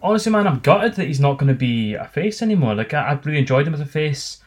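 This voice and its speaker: A man's voice: on the high side, sing-song, fast. A Scottish man co-hosting a casual wrestling chat, sweary, sarcastic and rambling. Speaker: podcast co-host.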